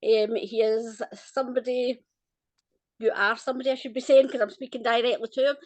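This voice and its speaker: A Scottish woman giving a gentle, reassuring psychic reading over a call, often smiling as she talks. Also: on the high side, flat delivery, a little fast, dry recording. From Scotland. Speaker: psychic reader.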